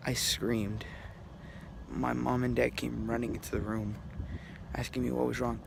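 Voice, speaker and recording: A young man recounting a spooky personal story at home, speaking low and hushed into a handheld camera. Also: flat delivery, unhurried, vocal fry, background noise. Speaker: vlogger. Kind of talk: first-person scary story telling. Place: at home, indoors.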